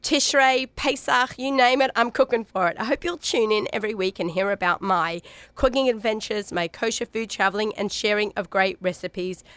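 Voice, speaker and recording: A middle-aged woman with an Australian accent, nasal and a little raspy from a head cold. She chats brightly as a radio food show host, recorded close and dry in a studio with no room sound. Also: medium pitch, moderate pace, no echo. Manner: chatty, upbeat, with fillers and laughs. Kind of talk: casual radio food talk. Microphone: studio microphone.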